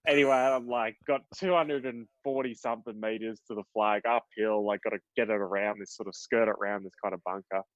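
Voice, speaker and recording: A man's voice: lowish voice, steady tone, fairly quick, hardly any pauses, no room sound. A young Australian man with an Australian accent, a professional golfer telling rambling stories with fillers and swearing as a guest in a casual interview. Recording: dull, dry podcast audio.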